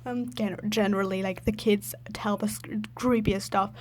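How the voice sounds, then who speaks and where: A woman's voice: medium pitch, fairly even intonation, moderate pace, a little hiss or hum. A woman telling a story in a casual, rambling voice-over, filling her talk with "like" and giggling often. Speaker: video creator.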